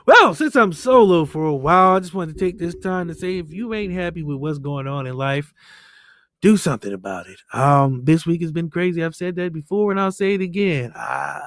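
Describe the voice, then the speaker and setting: Male podcast host, higher pitch, loose jokey delivery, dry close mic. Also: fairly bright tone, dry recording. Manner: joking, loose, swears freely. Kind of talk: casual podcast banter. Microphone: remote call setup.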